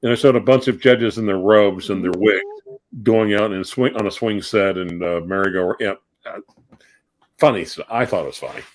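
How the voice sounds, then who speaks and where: A man's voice: fairly low pitch, moderate pace, dry recording. A man joining a casual video call, explaining at length in a knowledgeable way. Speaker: guest on a call. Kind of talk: casual chat.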